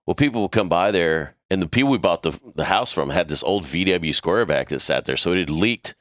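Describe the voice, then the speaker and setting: A man telling a crude, animated story in a casual podcast chat. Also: low voice, fairly quick, dry recording, studio quality. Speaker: podcast crew member.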